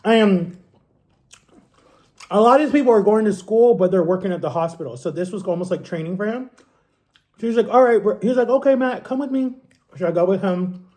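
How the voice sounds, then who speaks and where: Animated high-voiced man telling stories. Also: fairly quick, pauses often. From Ohio, USA. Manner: animated, acts out quotes in a higher voice. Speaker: vlogger. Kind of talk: casual storytelling.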